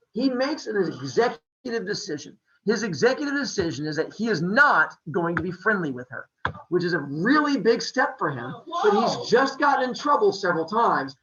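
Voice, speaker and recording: A man's voice: sits high, moderate pace, muffled recording. A man telling a myth as a comic story in a casual, jokey way. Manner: casual, jokey, animated retelling.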